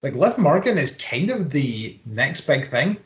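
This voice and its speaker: A man's voice: fairly high pitch, very animated, a little slow, lo-fi sound. A man, co-hosting a podcast and recapping wrestling in a rambling, sweary, casual chat. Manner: rambling, sweary play-by-play with filler words. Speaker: podcast co-host.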